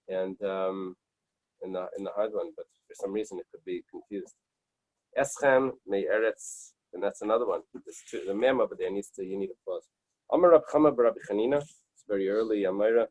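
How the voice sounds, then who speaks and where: A man leading a Talmud study class, reading Aramaic passages and explaining them in English with halting restarts. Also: lowish voice, darkish tone, dry recording, poor audio.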